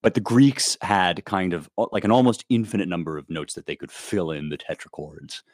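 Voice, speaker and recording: A man's voice: sits low, fairly quick, a little mellow, no room sound, studio quality. A man in his thirties from the United States, explaining things in a casual interview with lots of fillers and restarts. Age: 30s. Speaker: guest author.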